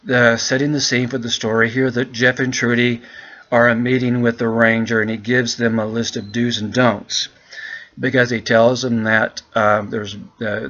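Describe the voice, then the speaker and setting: A man teaching English, walking students through an essay in a relaxed, chatty way and calling them "guys". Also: mid-range voice, highs cut off. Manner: relaxed, chatty, keeps addressing the class as "guys".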